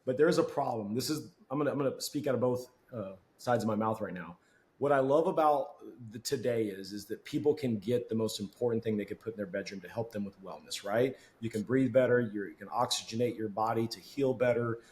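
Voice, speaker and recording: A man telling lively sales stories in a casual podcast chat, acting out customers in quoted voices. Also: medium pitch, brisk. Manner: animated, acts out customers and coworkers in quoted voices. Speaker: podcast guest, marketing executive.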